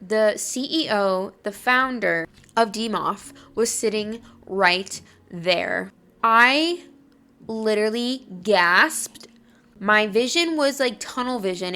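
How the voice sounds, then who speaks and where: A young woman hosting a podcast, telling a personal story in a gushing, excitable way with lots of "like". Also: medium pitch. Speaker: podcast host. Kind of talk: casual storytelling.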